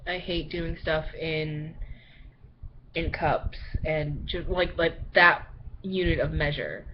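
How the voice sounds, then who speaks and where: A young adult woman from Baltimore, Maryland, vlogs casually into her webcam, rambling with plenty of "like"s and laughter. Her voice is low, there's background noise, and the built-in webcam mic gives a dull, lo-fi sound.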